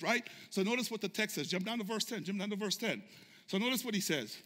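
A man preaching a sermon as pastor, shouting fervently and calling out to his congregation for responses. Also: high voice, expressive, fast. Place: church sanctuary. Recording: echoey church sanctuary reverb.

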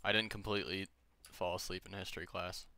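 A man's voice: sits low, little pitch movement, fairly quick, sharp tone, smooth. A young man chatting casually with friends while gaming, rambling, joking and swearing freely. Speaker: gamer streaming with friends.

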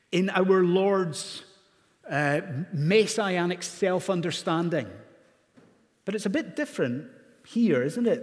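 A Scottish man preaches a sermon in a high, lifting voice, drawing the congregation in with repeated questions. His words hang in the long reverb of a church sanctuary. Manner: rhetorical questions to the congregation, rising to emphatic peaks. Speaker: pastor.

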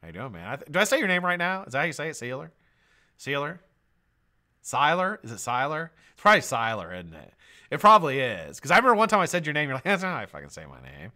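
Middle-aged male stream host, lively pitch, bright voice, loud greetings, crude jokes. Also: rapid-fire. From United States. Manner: loud shout-outs, swears, jokey. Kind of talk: live stream chat, greeting viewers.

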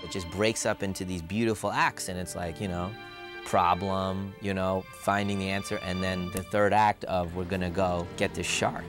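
A thoughtful man talking in an interview with a low, deep voice and frequent fillers. Music plays clearly behind him. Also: level tone, moderate pace. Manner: thoughtful, many "you know" fillers. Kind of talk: interview commentary on film.

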